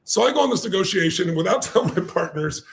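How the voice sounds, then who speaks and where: An older man telling a story as a podcast guest, animated and acting out the people he quotes in shifting voices. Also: high voice, fast talker, vocal fry.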